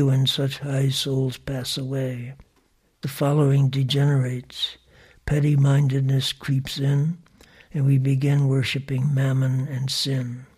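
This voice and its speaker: A man reading a devotional discourse aloud in a solemn, even storytelling manner. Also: medium pitch, breathy edge. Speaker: spiritual speaker.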